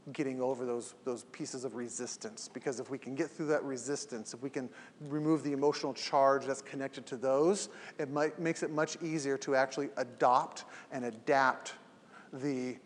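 Here a man speaks at medium pitch and a moderate pace, his tone steady, with the sound of a big room around him. Leading a weekly evening class, he's earnest and emphatic and acts out everyday quotes, live with students and afterward posted as a podcast.

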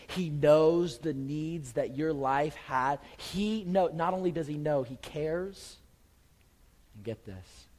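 A man preaching a sermon as pastor, swinging from urgent, raised emphasis to quiet, soft reassurance. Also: on the high side, in a large hall, poor audio.

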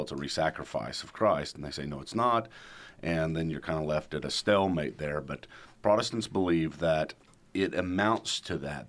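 A man with a very low voice co-hosts a theological discussion. He talks conversationally and keeps steering the talk with questions.

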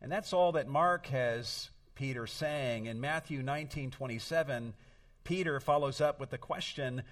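A man's voice: medium pitch, moderate pace, fairly bright tone, far from the mic. A middle-aged man preaching a sermon as pastor, earnest and storytelling, leaning on emphatic words.

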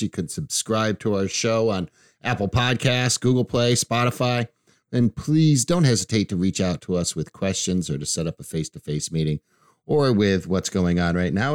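Low-voiced male host, casual and chatty, dry studio mic. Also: no room sound. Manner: chatty, restarts often, laughs easily. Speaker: financial radio show host. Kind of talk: casual radio talk.

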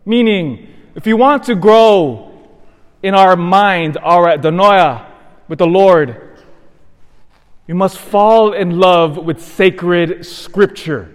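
A Catholic priest gives a sermon in a somewhat high voice, slowly and earnestly recounting a personal story while acting out both sides of the conversation. The long reverb of the church makes his words ring out.

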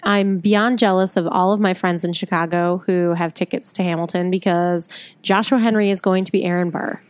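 Easygoing woman co-host, steady storyteller, dry close recording. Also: on the low side, normal speed, no room sound. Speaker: podcast co-host. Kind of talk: casual chat, reading a listener email.

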